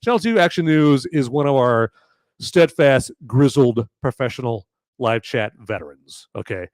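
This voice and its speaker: A man with a mid-range voice and lively intonation speaks at normal speed in clean studio sound with no room echo. He hosts a live-stream podcast reviewing a movie, rambling casually, repeating words, and tacking "okay?" onto his points. He thanks viewers by name for their donations.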